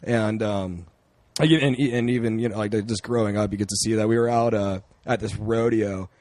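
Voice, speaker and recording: A young man from Central Oregon, a podcast guest chatting casually, relaxed and full of fillers. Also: on the low side. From Central Oregon, USA. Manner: relaxed, many fillers and restarts, quick bursts. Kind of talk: casual chat.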